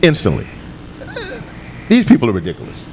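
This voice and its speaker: A man's voice: fairly low pitch, wildly swooping pitch, a little fast, a little mellow, slight background noise, low-quality recording. A man co-hosting a casual talk show, swearing bluntly and rambling through his points. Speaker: co-host. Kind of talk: casual podcast banter.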